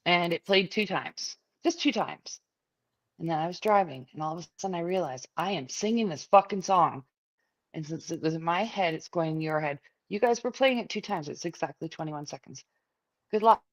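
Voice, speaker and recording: A woman's voice: on the low side, normal speed. Blunt, foul-mouthed woman host. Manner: blunt, swearing, laughs often. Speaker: podcast host. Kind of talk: casual chat.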